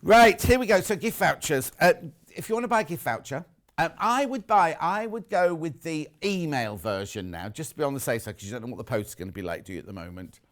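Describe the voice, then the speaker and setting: A man's voice: fairly high pitch, very animated, a little fast. A man with a British accent presenting live on a TV shopping channel, chatting casually and reading out viewer messages. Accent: British English. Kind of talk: live TV sales chat.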